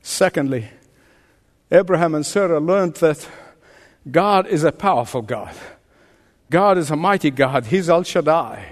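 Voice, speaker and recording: A man's voice: a little high, expressive, normal speed, pauses often. An older man preaching a sermon as pastor, emphatic and drawing responses from the congregation. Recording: long reverb of a large hall.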